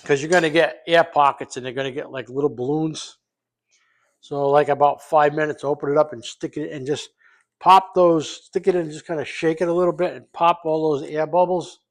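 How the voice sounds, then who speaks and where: A man's voice: fairly high pitch, fairly even intonation, brisk. Rambling, profane middle-aged man cooking. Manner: rambling, profane, loose and jokey. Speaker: home cook vlogger. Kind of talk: casual cooking vlog. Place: home kitchen.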